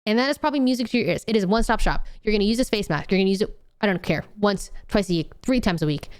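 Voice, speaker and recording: Young woman streamer, smooth clear voice, blunt and sweary, scolds with a grin. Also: mid-range voice, animated, racing. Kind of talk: casual chat with viewers.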